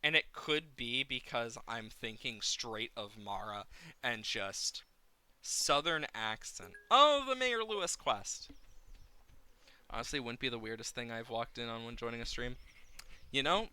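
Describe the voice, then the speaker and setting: A man live-streaming a farming game, rambling playfully and getting excited. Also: medium pitch, unhurried, smooth.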